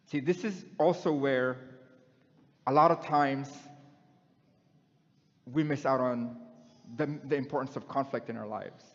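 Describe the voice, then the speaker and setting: A middle-aged male preacher giving a conversational sermon and putting questions to the congregation. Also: mid-range voice. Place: church hall. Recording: dull sound in a long-echoing hall.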